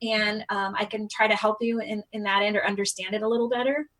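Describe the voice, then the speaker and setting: A woman's voice: medium pitch, fairly even intonation, quick pace, a bit bright. A woman hosting a live stream, talking in a casual, earnest and heartfelt way straight to her viewers. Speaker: live stream host on foster care.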